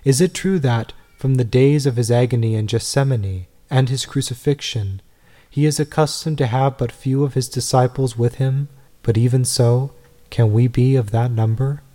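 A man reads a devotional text aloud in a mellow, warm voice. His delivery is measured and earnest, with pitch in a middle range. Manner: measured, earnest, rhetorical questions. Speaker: reader.

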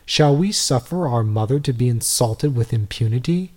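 A man reading a devotional text aloud in a measured, earnest way, full of rhetorical questions. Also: mid-range voice, lively intonation, dark tone. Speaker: reader.

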